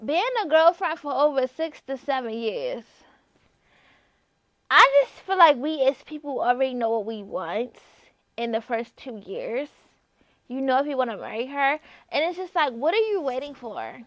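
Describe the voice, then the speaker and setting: Tipsy woman host, high voice, brash and profane, sings bits, dry slightly dull recording. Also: animated, normal speed, no room sound. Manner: loud, playful, swears freely, breaks into singing. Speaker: podcast host. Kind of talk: casual solo podcast chat.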